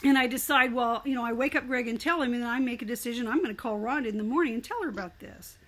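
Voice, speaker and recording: Speaking fast in a high voice, an older woman appears as an interview guest and recounts her story. Her delivery is casual and conversational, full of animated, expressive energy.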